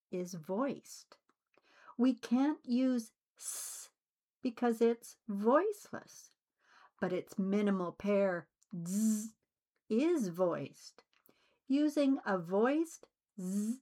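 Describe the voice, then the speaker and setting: Woman pronunciation teacher, very slow and precise, mid-pitched, scripted lesson delivery. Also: darkish tone. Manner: deliberate, carefully enunciated delivery.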